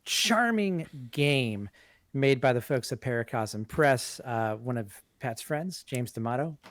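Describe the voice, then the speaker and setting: A man's voice: mid-range voice, animated, takes it slowly, fairly bright tone, dry recording. A man co-hosting a casual livestream, plugging a game in a wry, upbeat way.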